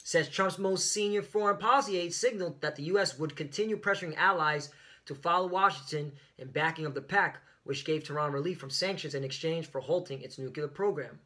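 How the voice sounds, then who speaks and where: A man's voice: on the high side, a little fast, bright, forceful tone. A man preaching fiery, confrontational religious commentary on the news, peppering his talk with "all right?".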